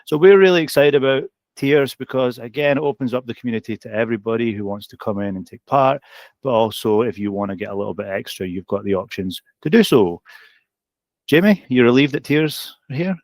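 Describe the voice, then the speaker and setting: A man's voice: mid-range voice, lively intonation, brisk, a little mellow. A man co-hosting a casual update about a coaching community, upbeat and often turning to his co-host by name. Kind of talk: casual promotional chat.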